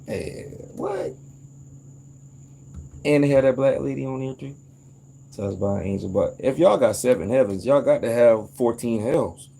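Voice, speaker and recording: A man in a casual, rambling monologue, animated and profane, jumping into sudden high outbursts. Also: moderate pace, creaky, slight background noise. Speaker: vlogger.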